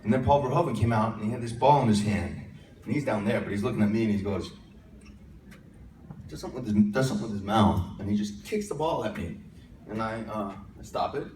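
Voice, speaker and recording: A man telling joking, self-deprecating stories as a guest on a convention panel, speaking into a handheld mic. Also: medium pitch. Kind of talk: casual anecdote telling. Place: large convention hall. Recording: echoey hall, distant mic, faint noise.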